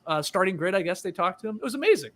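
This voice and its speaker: A man's voice: sits high, very animated, very fast. A man hosting a casual sports podcast, upbeat and chatty, laughing often. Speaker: podcast host.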